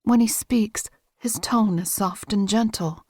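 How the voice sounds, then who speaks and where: A woman narrating a romance audiobook in first person, with a steady, intimate, measured reading. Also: mid-range voice, vocal fry, husky, no room sound, clean studio sound.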